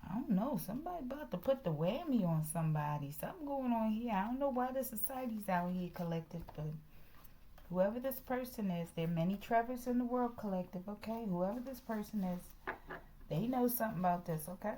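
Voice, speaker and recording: A woman's voice: medium pitch, expressive, brisk, warm tone. Chatty tarot-reading woman, half-whispering. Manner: chatty, slips into whispers, says "okay" constantly. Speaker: tarot reader.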